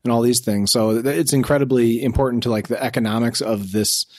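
A man co-hosting a casual podcast about movies, talking in a relaxed, matter-of-fact way. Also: mid-range voice, fairly quick, dry recording, studio quality. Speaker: podcast co-host.

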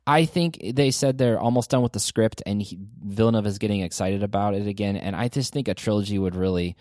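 A man in his forties hosting a casual podcast, talking about a film in an animated, rambling way. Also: fairly low pitch, a little fast, dry recording, clean studio sound. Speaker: podcast host. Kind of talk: casual movie review chat.

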